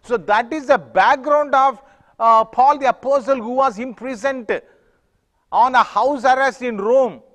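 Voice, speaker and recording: High-voiced male preacher in a reverberant hall. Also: fairly bright tone. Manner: halting, many fillers and restarts. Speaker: pastor. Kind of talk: sermon.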